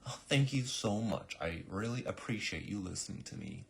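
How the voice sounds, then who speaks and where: A man's voice: lowish voice, lively intonation, normal speed, gravelly, a bit bright, husky, voice pushed up, heavily acted. A man voicing a polite female clerk who talks in sugary customer-service tones. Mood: chirpy polite.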